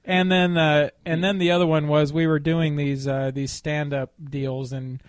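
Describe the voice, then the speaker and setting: A man who was a fighter pilot, chatting in a relaxed, matter-of-fact way as a guest. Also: fairly high pitch, moderate pace, dry recording, clean studio sound. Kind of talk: casual chat.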